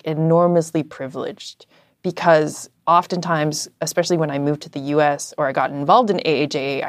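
A woman from Canada chats as a guest, telling lively anecdotes packed with casual fillers. Her voice sits low. The sound is close and dry, with no room around it. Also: no room sound. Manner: chatty, animated storytelling with many fillers. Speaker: guest, journalist. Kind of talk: casual interview chat.

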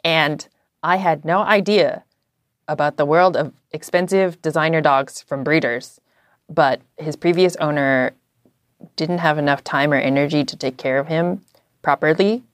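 A woman from Canada chats as a guest, telling lively anecdotes packed with casual fillers. Her voice sits low. The sound is close and dry, with no room around it. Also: unhurried, no echo. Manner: chatty, animated storytelling with many fillers. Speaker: guest, journalist. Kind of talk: casual interview chat.

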